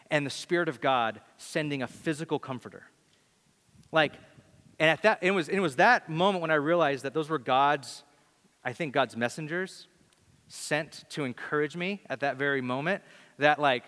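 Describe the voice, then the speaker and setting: A man preaching in a storytelling sermon, with a somewhat high, forceful voice. He talks in an animated, chatty way and often restarts his sentences. His voice rings out with a long reverb, as in a large church hall. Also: moderate pace. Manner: animated, conversational, many restarts. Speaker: pastor.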